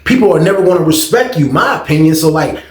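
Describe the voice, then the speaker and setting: A man telling a story in a casual, animated, slangy way, in an echoey room. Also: fairly high pitch, fast.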